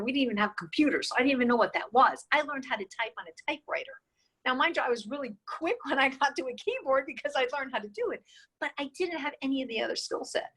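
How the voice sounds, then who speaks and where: A woman in her sixties, a guest in an interview, tells her stories with great animation and slips into the voices of the people she quotes. Her voice sits fairly high, with a bright, forceful edge. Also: slightly rough, low-quality recording. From New York State. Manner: animated storyteller who acts out quoted dialogue. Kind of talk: casual storytelling interview.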